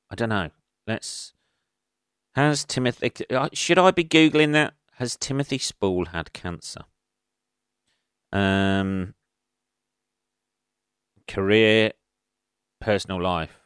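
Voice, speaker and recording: A man's voice: on the low side, fairly bright tone, clean tone, no echo. An English man, a comedian hosting his own podcast, rambling casually with lots of swearing and self-mocking asides into a close mic.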